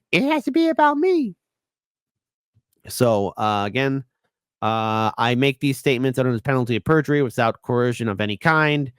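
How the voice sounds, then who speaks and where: A man hosts a political commentary show, reading documents aloud in a halting, stuttering way. His voice sits in the middle range for a man. It is recorded close and dry, with no room echo. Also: medium pitch, a bit bright. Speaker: host.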